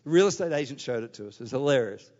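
A man preaching a sermon, telling a story in an animated way before building to an exhortation. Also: mid-range voice, rapid-fire. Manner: animated, anecdotal, rising to exhortation. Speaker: pastor. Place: large church hall. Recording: dull, echoey hall recording.

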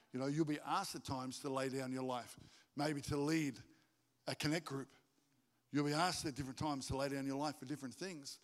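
A pastor delivers a sermon to his congregation in a reverberant hall. He's animated and jokey, acting out stories by putting on high voices.

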